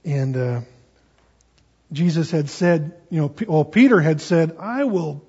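Brief: male pastor, earnest sermon storyteller, husky tone, dull recording. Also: fairly high pitch, warm tone. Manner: earnest, storytelling, slows for emphasis.

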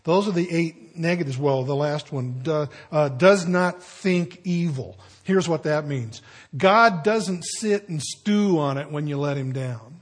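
A man's voice: on the high side, a little slow. An older man, a pastor, preaching a sermon to his congregation with folksy storytelling and conversational asides.

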